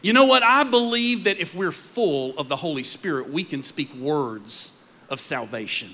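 A man preaching a sermon, telling stories dramatically and dropping to quiet emphasis. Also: fairly high pitch, animated, moderate pace.

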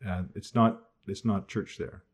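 A man's voice: on the low side, fairly even intonation, a little slow. A man teaching a class on church doctrine in a conversational way, thinking aloud and often restarting his sentences.

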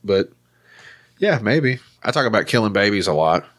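A man's voice: on the low side, very animated, moderate pace, a bit bright. A man who hosts a podcast, rambling and crude as he jokes with a guest. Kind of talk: casual podcast chat.

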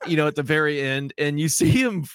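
A man with a slightly high voice talks in a loose, rambling way, breaking into laughter and quoting scenes as he chats on a podcast. The sound is dry and close, with no room around it. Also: very animated, fairly quick, fairly bright tone, smooth, no echo. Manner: rambling, laughs often, quotes movie lines. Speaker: podcast co-host. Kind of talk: casual chat.

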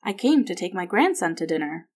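A woman voicing a tearful young mother who talks in halting, broken phrases. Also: lowish voice, sing-song. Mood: strained. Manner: hesitant, halting.

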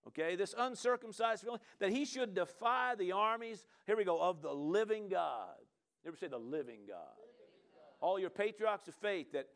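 A man with a notably high voice delivers a sermon. He talks to his listeners in a loose, conversational way, stopping often for quick asides and checks that they follow. His delivery stays animated throughout. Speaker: preacher.

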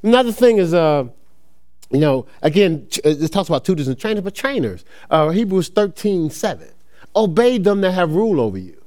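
During an animated, conversational sermon, this male pastor's high-pitched voice jumps around expressively. He drops into brief acted-out exchanges and laughs frequently at what he's saying.

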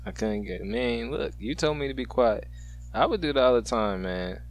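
A man's voice: mid-range voice, animated, normal speed. A man co-hosting a podcast, laid-back and joking, with lots of slang and easy laughter. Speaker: podcast co-host. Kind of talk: casual chat.

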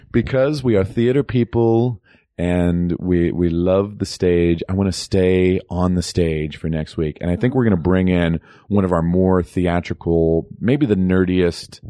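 A man co-hosting a podcast in casual chat, playful and quick to laugh. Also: low-pitched, dark tone, no echo, clean studio sound. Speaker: podcast co-host.

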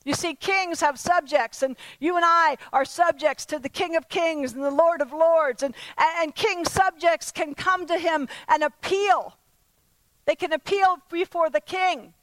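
A woman's voice: very high-pitched, a little slow, fairly bright tone, dry recording, rough recording. A woman preaching a sermon to a congregation, asking earnest repeated questions and often restarting her words. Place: church service before a congregation.

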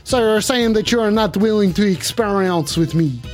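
A flamboyant French radio host, played by a man in a comedy sketch, his put-on French accent pitched very high. He pleads and emotes theatrically, begging callers to open up. Faint music plays behind him. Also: normal speed, lightly acted. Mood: dramatic. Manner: theatrical, overwrought and needy, pleading. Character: flamboyant French man hosting a late-night call-in show.

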